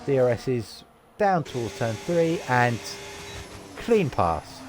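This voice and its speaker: A man from the UK commentating a live sim-race stream with a lively, swooping delivery. His voice sits at an ordinary middle pitch. A faint hiss of noise sits under the mic. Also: takes it slowly. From United Kingdom. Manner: lively, chatty, reads out lap times. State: tired.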